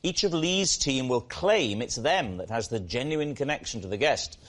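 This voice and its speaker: A man's voice: medium pitch, lively intonation, moderate pace. A man hosting a comedy panel show in a playful, teasing way. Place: TV studio with audience. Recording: loud studio audience noise.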